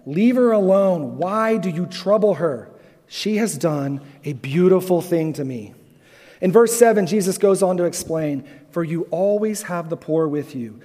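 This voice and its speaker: A man preaching a sermon earnestly, asking the congregation rhetorical questions and pausing for effect. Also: high-pitched, darkish tone. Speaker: pastor. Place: large auditorium. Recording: long hall reverb.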